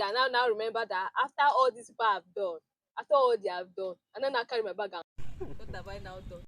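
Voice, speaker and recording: A woman's voice: a little high, creaky, slight background noise, poor audio. A Nigerian woman telling her teaching story in a casual group chat, acting out quotes and laughing often. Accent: Nigerian English. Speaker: teaching fellow sharing experience.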